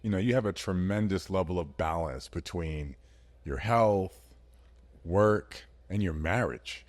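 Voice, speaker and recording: Slow, deep-voiced podcast host. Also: male voice, a little mellow, no echo. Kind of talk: casual podcast interview.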